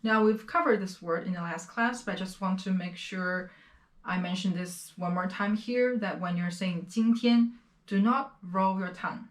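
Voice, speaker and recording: A woman from China teaching a beginner Chinese lesson, explaining words slowly and repeating each pronunciation several times. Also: mid-range voice, reverberant. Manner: slow, careful explanations with repeated pronunciation drills.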